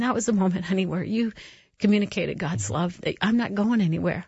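A woman's voice: medium pitch, brisk, gravelly, a little mellow, breathy edge, dry recording, muffled recording. A woman hosting a Christian radio talk show, telling a personal story in an earnest, heartfelt way. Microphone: studio microphone.

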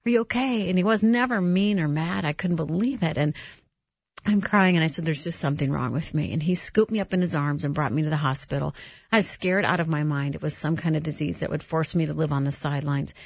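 A woman's voice: low voice, a little fast, gravelly, dry recording, lo-fi sound. A woman hosting a Christian radio talk show, telling a personal story in an earnest, heartfelt way. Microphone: studio microphone.

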